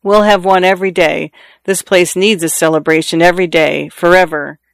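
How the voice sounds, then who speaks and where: A man's voice: high voice, fairly even intonation, normal speed, creaky, fairly bright tone, clean tone, no echo, studio quality. A man reading a jovial older man's lines in an audiobook, hearty and joking as he tells family stories.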